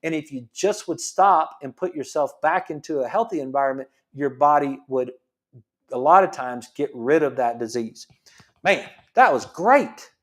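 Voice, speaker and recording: A man's voice: on the high side, expressive, normal speed. Emphatic man hosting a health show. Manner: emphatic, repetitive rhetorical questions. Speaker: chiropractor show host. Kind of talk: passionate monologue.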